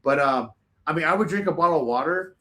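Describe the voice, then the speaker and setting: A man telling casual, animated stories as a talk show guest, rambling with lots of fillers and restarts. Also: on the high side, fast.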